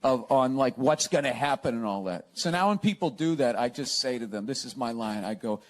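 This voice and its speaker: A man's voice: mid-range voice, expressive, fairly quick. A man talking in a casual interview, sarcastic and ranting, laughing often as he tells stories. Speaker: comedian guest.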